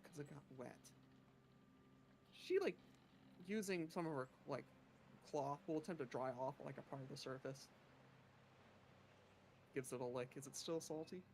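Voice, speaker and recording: A woman's voice: sits low, moderate pace, long pauses, darkish tone, slight background noise. A woman player narrating her character's actions in a tabletop role-play game, casual and laughing.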